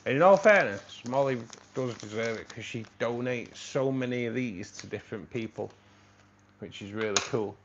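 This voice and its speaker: A man's voice: on the low side, steady tone, normal speed. A man hosting a live stream, chatting casually and thanking viewers by name. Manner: chatty, thanking viewers by name, laughs at his own jokes. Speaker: livestream host. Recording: slightly dull stream audio with faint noise.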